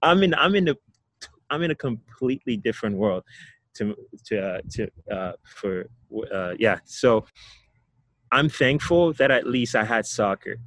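A man's voice: medium pitch, lively intonation, a little slow, fairly bright tone, no room sound. A young man from Ghana, a guest telling his own story in a casual interview, reflective and often laughing as he talks.

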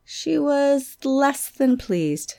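A man reading aloud and voicing a gracious noblewoman who speaks softly with a wry, gentle manner. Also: very high voice, very animated, extremely slow, vocal fry, voice pushed up, heavily acted.

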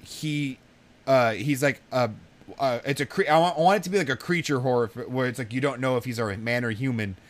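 A man's voice: medium pitch, brisk. A podcast co-host tells his stories loosely and keeps drifting off track, with a plain mid-range male voice. Casual, unpolished chat. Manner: rambling, easily sidetracked storytelling.

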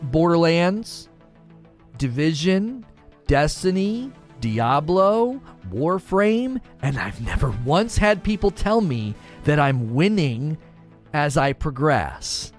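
A man's voice: a little high, very animated, slow, soft background music. A man arguing and talking through a live stream, full of rhetorical questions.

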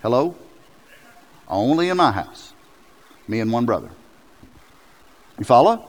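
Animated pastor in a reverberant hall. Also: male voice, mid-range voice, measured pace. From South Carolina. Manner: animated storytelling, jumps into loud acted quotes. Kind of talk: sermon.

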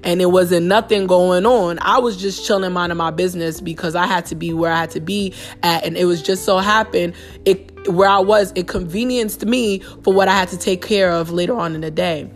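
A woman's voice: lowish voice, steady tone, moderate pace, hardly any pauses, soft background music. A young woman with a New York accent hosting a podcast, bluntly retelling a personal story in a casual, profane monologue full of slang. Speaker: podcast host.

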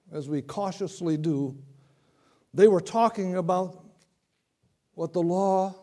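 Man, preacher, sermon, slow, slightly high voice, dramatic hushed swings.

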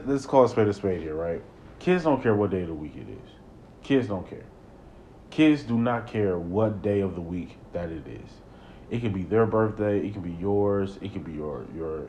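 A young man with a low, deep voice talks alone into a close podcast mic. He rambles, stumbles over repeated words, and climbs into loud, high-pitched rants. A faint hiss sits under the recording. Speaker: podcast host. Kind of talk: solo podcast monologue.

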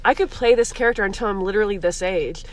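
A woman's voice: mid-range voice, fast, a crowd in the background. A young woman, a comedian, chatting casually on a podcast, rambling with lots of "like" and frequent laughs. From Columbus, Ohio area. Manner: giggly, rambling, heavy use of "like". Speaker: guest comedian.

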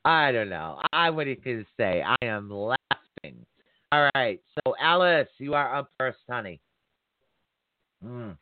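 A man hosting a live call-in psychic reading show, chatty and quick to laugh. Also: mid-range voice, lively intonation, dry recording. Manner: chatty, warm-toned addresses, laughs often. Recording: dry tinny phone-line sound.

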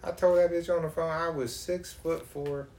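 Brief: male co-host, casual chat, profane and animated storyteller. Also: on the high side, moderate pace, roomy sound, slight background noise.

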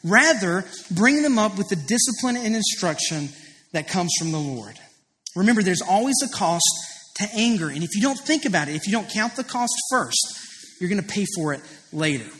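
A man's voice: high-pitched, sing-song, normal speed, fairly bright tone. A man in his thirties preaching a sermon as pastor, earnest and confessional, telling stories with rising emphasis. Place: church auditorium. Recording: preached in a large reverberant hall.

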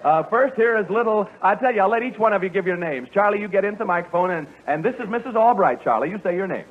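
On an old lo-fi radio broadcast with faint hiss, a quiz show host runs a live game show. His voice is high-pitched, animated, and quick, and he's jovial, joking, and often laughing along with contestants.

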